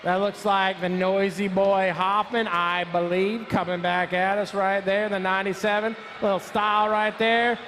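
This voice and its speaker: A man's voice: high voice, little pitch movement, background noise. A man announcing a live BMX race, rattling off rider names, numbers and nicknames as they hit the track. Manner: rapid-fire calling of rider names and numbers.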